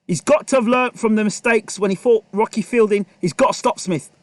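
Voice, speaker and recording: A man calls a boxing match live, firing off punches as they land and urging the fighters on. His voice is very high for a man. The sound is close and dry with no room behind it. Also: a little fast, no room sound. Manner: excitable, repetitive, talks to the fighters. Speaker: boxing commentator. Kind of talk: live play-by-play commentary.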